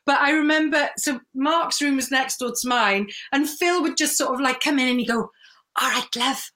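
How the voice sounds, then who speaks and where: A woman's voice: high-pitched, moderate pace. A woman, telling stories in a casual chat, laughing often. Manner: warm storytelling, laughs often, mimics voices. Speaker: guest.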